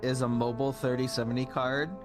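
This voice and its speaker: A man chatting casually on a call with a streamer, relaxed and excited about gadgets. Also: mid-range voice, quick pace, music in the background. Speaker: friend on call. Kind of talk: casual chat.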